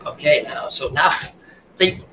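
A man, a waiter, telling a wild story in a casual chat, animated, laughing and restarting as he acts out quotes. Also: fairly high pitch, takes it slowly, gravelly, noisy background. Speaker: guest, waiter. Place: bar.

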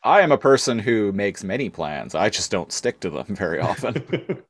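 A podcast co-host chats casually, hesitating often with many fillers and restarts. His fairly low voice swings widely in pitch at a moderate pace, captured in clean studio sound with no room noise.

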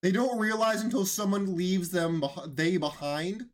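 A man's voice: high voice, fairly even intonation, a little slow. A man giving mocking, incredulous reaction commentary on videos, often emphatic and raising his voice.

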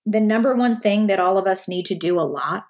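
A woman's voice: medium pitch, fairly quick. Candid woman hosting a solo podcast. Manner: candid, animated, acts out quoted inner voices. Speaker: podcast host. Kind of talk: casual solo podcast monologue.

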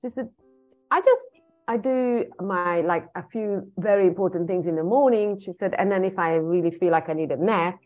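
A woman co-hosting a casual podcast, warm and encouraging, chatting in an animated way. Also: on the low side, moderate pace, lo-fi sound, faint music behind. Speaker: podcast co-host.

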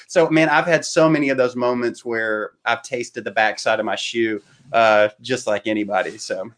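A man, a guest preacher on a podcast, telling embarrassing stories in a lively way with laughs. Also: mid-range voice, normal speed. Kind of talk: casual storytelling.

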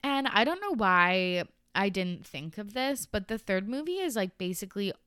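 A woman's voice: medium pitch, sing-song, moderate pace, pushed and bright, clear, resonant tone, no room sound, clean studio sound. A young woman hosting a podcast, chatting casually and sarcastically about a movie, with frequent swearing and filler words. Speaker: podcast host. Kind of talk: casual movie review chat.

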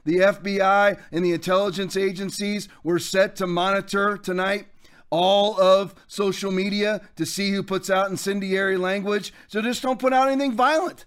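A man's voice: high voice, fairly even intonation, normal speed, clear, resonant tone. A man hosting his own podcast, delivering an emphatic political commentary monologue in a preachy tone, with Bible verses read aloud. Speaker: podcast host.

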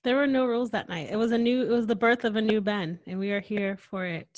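A woman hosting a casual podcast conversation, talking in an animated, earnest and outspoken way into a close mic. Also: mid-range voice, quick pace, dry recording. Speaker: podcast host.

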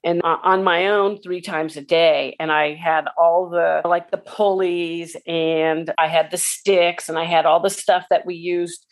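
A woman in her forties, a pickleball player, telling a personal story in an emotional, halting way with many restarts. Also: on the low side, fairly even intonation.

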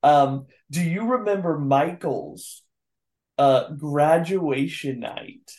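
A young man co-hosting a podcast, chatting casually and teasing with quick reactions. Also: fairly high pitch, darkish tone. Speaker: podcast co-host. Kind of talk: casual chat.

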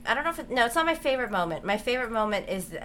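A woman in casual chat, animated and giggly, with casual swearing. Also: a little high, racing, slight background noise.

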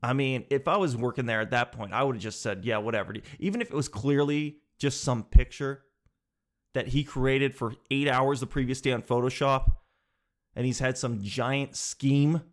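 A man telling a comic story in an animated, exasperated, sarcastic way. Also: medium pitch, moderate pace.

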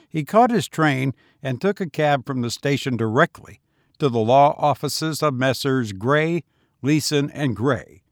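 Male narrator, steady storybook reading, mid-pitched, dead-dry recording. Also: no echo. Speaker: audiobook narrator. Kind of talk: scripted narration.

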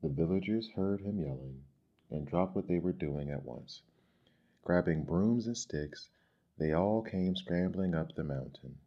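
A man reading children's stories aloud in a gentle, measured, expressive way. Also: low voice. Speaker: storyteller. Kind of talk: storybook reading. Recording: dull lo-fi recording.

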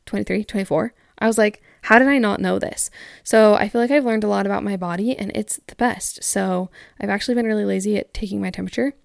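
A woman's voice: medium pitch, fairly even intonation, fast talker, gravelly, few pauses, a little mellow, no room sound, clean studio sound. A woman in her twenties hosting a casual talk show, chatting candidly and reading listener stories, with frequent "like" fillers. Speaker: podcast host.

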